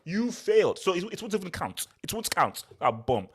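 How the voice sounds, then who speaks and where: A man hosting a casual football chat, excitable and repeating himself. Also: high-pitched, moderate pace, breathy edge. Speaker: show host.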